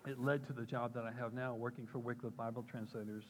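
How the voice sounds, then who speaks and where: An older man giving a personal testimony talk at church, telling a story and acting out quoted voices with sudden jumps in pitch. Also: steady tone, fast talker, slight background noise, low-quality recording. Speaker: church speaker.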